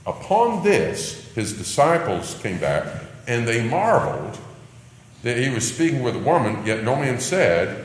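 A man's voice: fairly low pitch, very animated, normal speed. A man teaching through a scripture passage in sermon style, with conversational asides and light laughter. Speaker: Bible teacher. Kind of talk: expository sermon reading and explaining scripture. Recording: echoey hall with faint ambience.

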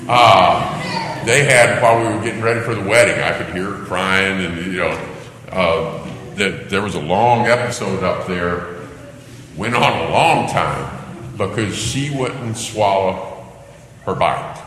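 A man's voice: low voice, a little slow. Older male preacher in an echoey hall. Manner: animated storytelling, acting out children's cries. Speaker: pastor. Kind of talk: sermon. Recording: echoey hall, faint background noise.

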